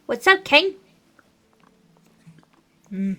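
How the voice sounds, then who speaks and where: A woman chatting casually while she plays a video game. Her voice is fairly high and her asides come slowly and loosely. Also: very animated, bright, forceful tone. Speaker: game streamer. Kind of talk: let's-play commentary.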